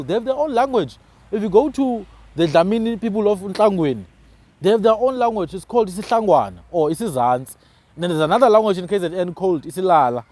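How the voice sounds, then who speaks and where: A man's voice: sits high, a little mellow, no room sound. A South African man hosting a casual discussion, talking emphatically and often tagging his phrases with "man". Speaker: podcast host.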